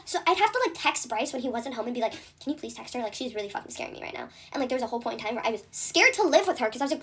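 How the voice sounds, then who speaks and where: A young woman telling a storytime rant, fast and indignant, full of fillers and swearing. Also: a little high, animated, fairly bright tone, a little hiss or hum. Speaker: content creator.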